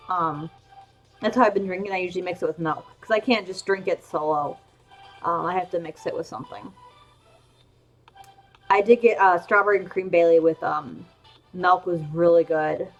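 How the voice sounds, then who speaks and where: A woman's voice: on the low side, normal speed, pauses often, highs cut off, soft background music. A woman streamer chatting casually while she draws, rambling along with lots of ums and restarts. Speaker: streamer drawing emotes. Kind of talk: casual chat while drawing.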